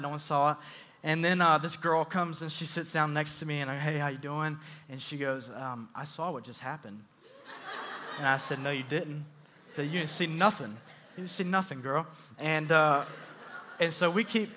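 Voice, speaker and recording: A man preaching a sermon, telling a story in an animated, playful way with soft asides. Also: on the high side. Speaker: youth pastor.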